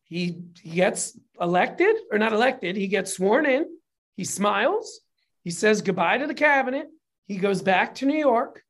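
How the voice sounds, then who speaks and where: A man, a film and TV producer, telling a long story in a casual interview, animated and swearing freely. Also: sits high, a little slow.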